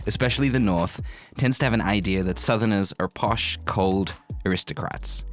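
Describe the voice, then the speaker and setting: A man from Newcastle in northern England, chatting casually and reading scripted parts, laughing often and poking fun at himself. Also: on the low side. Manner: laughs often, self-mocking. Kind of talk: casual chat and scripted narration.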